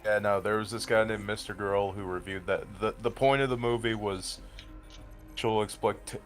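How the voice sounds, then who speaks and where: A man's voice: on the low side, steady tone, normal speed, soft background music. A man streaming and chatting casually, blunt and crude, rambling through long explanations. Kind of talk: casual chat.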